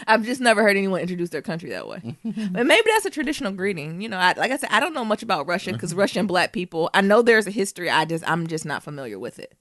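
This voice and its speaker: A woman co-hosting a podcast in a casual chat, animated and quick to laugh, swearing freely. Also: medium pitch, no echo, studio quality. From Detroit, USA. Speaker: podcast co-host.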